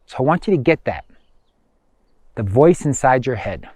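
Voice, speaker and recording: Relentless inner voice, low and dry, a man puts it on. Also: expressive, moderate pace, darkish tone, breathy edge, no echo. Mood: calm. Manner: repetitive, insistent. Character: nagging inner voice, male, discouraging and relentless.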